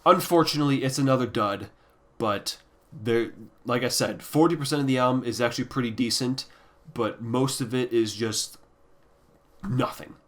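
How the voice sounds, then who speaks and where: A man reviewing albums in a casual ranking video, ranting bluntly and with heavy swearing, sometimes sinking into quiet, deflated muttering. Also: mid-range voice, normal speed. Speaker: music reviewer.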